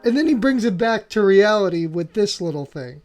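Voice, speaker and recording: A man's voice: high voice, lively intonation, moderate pace, darkish tone. A man hosting a piano channel, walking through music theory with enthusiasm and often checking in with "right?". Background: faint piano playing.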